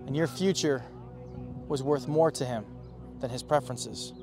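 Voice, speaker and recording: A man preaching a sermon as pastor, animated and emphatic, swinging between loud bursts and quiet, earnest stretches. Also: mid-range voice, unhurried, over music.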